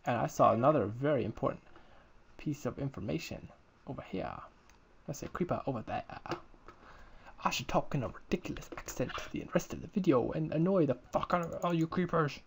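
A man's voice: fairly high pitch, a little fast, creaky, slight background noise. A young man giving casual, crude, joking commentary while playing a game, talking to the creatures on screen. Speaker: gamer uploading let's-play videos.

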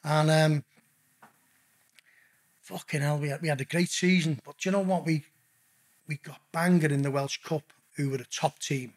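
A middle-aged man with a husky, fairly high voice tells stories as a podcast guest. He is blunt and casual, swears in nearly every sentence, and keeps calling the host "mate.". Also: steady tone, moderate pace, pauses often. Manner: blunt, swears constantly, calls the listener mate. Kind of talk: casual storytelling interview.

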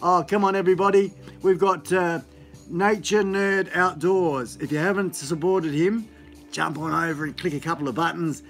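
A man chats his way through a live stream in a loose, rambling manner, full of ums and restarts. His voice sits fairly high for a man, and faint music plays underneath. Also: steady tone, normal speed, a bit bright. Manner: rambling, chatty, upbeat, many fillers. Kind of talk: casual live-stream chat. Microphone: phone on a gimbal.

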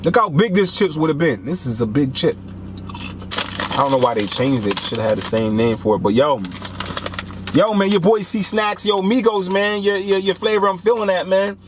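A young man hosting a casual snack taste-test vlog, animated and joking, with lots of slang. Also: high voice, moderate pace, noisy background. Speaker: snack reviewer.

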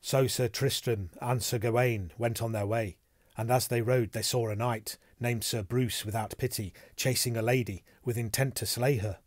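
A man's medium-pitched voice carries an audiobook narration, delivered evenly and with measure. There's no room sound, and the quality is that of a studio.

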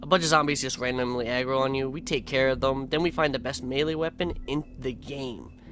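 A man's voice: mid-range voice, fairly even intonation, a little fast, a bit bright, soft background music. A man giving a casual, laid-back voice-over of his own gameplay, swearing freely and adding sarcastic asides. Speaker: gaming video creator.

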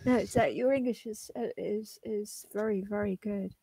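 A woman's voice: medium pitch, fairly even intonation, normal speed, dark tone, husky, dry recording, rough recording. A woman co-hosting a live stream, chatting casually and encouragingly while translating between languages. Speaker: co-host and interpreter. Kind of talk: casual bilingual live chat.

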